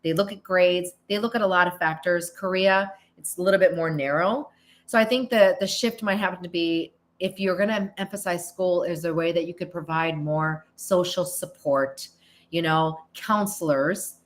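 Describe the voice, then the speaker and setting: A woman's voice: on the low side, moderate pace. A middle-aged woman from the United States hosting a podcast, answering listener questions in casual chat and acting out little quoted lines. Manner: chatty, restarts often and acts out quotes. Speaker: podcast host. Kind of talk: casual Q&A monologue.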